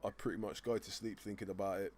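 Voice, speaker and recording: A man hosting a live stream in a casual, laid-back way, reading out viewer messages and giving slang shout-outs. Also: fairly low pitch, flat delivery, fast, a crowd in the background. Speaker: stream host.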